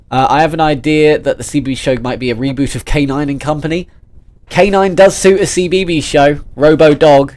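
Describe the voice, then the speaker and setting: A man's voice: mid-range voice, a little mellow. A man, chatting casually and playfully on a livestream while reading and answering chat. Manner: chatty and playful, reads chat aloud and reacts with jokes. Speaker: streamer.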